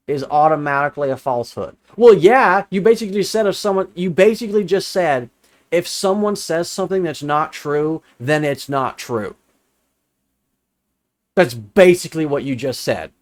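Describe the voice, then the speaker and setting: Young guy going off on a comment, kinda high voice, sarcastic and fed up, says stuff twice. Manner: exasperated, sarcastic, repeats phrases for emphasis. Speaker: religious commentator answering comments. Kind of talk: casual commentary reading and rebutting a comment.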